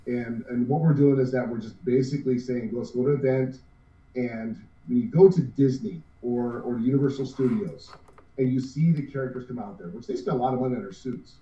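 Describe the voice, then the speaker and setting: A man's voice: mid-range voice, fairly quick, warm tone, muffled recording. Rambling man in his fifties, roomy distant sound. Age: 50s. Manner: rambling, earnest, restarts often. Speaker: cosplay group co-owner. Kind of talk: casual interview.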